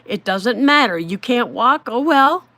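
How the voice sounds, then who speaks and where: This is a middle-aged woman giving an earnest devotional talk in a fairly high voice. She is emphatic and repeats key phrases for stress. Her voice is recorded dry, with no room sound around it. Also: lively intonation, measured pace, bright, forceful tone, dry recording. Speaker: devotional speaker.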